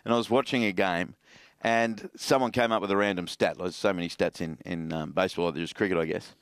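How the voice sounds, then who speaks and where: A man's voice: sits low, fairly even intonation, fast talker, no echo, studio quality. A man hosting a rugby league radio show, playful and teasing as he steers the discussion. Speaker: radio sports show host.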